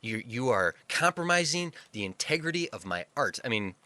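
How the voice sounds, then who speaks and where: A man co-hosting a podcast, talking in a lively voice that swoops up and down. His tone is bright and forceful, and he is recorded dry and close with no room sound. He jokes at his own expense and laughs often. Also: medium pitch, normal speed, no room sound. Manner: animated, self-mocking, breaks into laughter. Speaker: podcast co-host. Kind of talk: casual chat.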